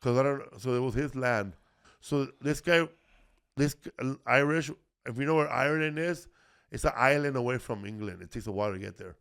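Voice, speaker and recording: A man hosting a casual history podcast, talking at an ordinary middle pitch. He rambles through the story, full of ums, restarts and swearing, in loose comedic chat. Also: brisk, gravelly, fairly bright tone, clear, resonant tone. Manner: rambling, profane, many fillers and restarts. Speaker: podcast host.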